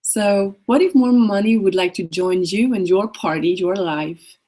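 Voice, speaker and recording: A middle-aged woman with a Swedish accent, hosting a casual coaching talk in a gentle, playful way full of questions. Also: medium pitch, a little slow. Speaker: coach hosting a live session.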